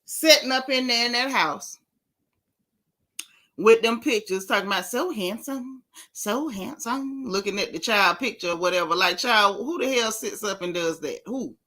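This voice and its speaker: A woman hosting a gossip vlog, talking casually in a sassy, animated way and repeating herself for emphasis. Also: mid-range voice, moderate pace. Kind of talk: casual chat.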